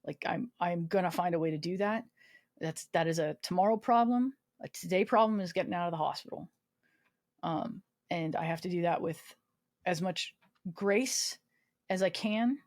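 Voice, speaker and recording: A woman's voice: on the low side, normal speed, a little mellow. A woman in her twenties, a guest on a podcast, telling a personal story candidly with self-mocking humor, swearing and lots of fillers. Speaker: podcast guest, army veteran.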